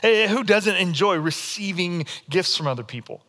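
A pastor delivering a sermon in a bright, ringing voice that sits a little high for a man. He tells his stories in a demonstrative, animated way, in what sounds like a church service. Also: moderate pace.

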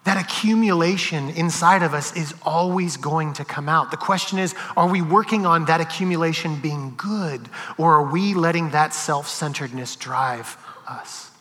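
A man preaching a sermon who tells stories, swinging from loud and animated to hushed and slow. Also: fairly high pitch, big-room sound. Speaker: pastor. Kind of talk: sermon with storytelling.

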